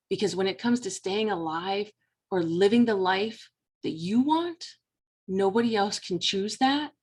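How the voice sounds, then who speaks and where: A woman's voice: mid-range voice, a little mellow, breathy edge. Earnest woman life coach, motivational. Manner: earnest, motivational, speaks straight to the listener. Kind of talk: personal story told to camera.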